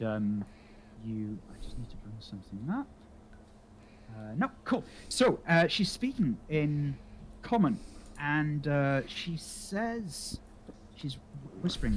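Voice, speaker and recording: A man narrating a tabletop game as game master, halting with many ums and restarts. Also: medium pitch, a little hiss or hum, low-quality recording.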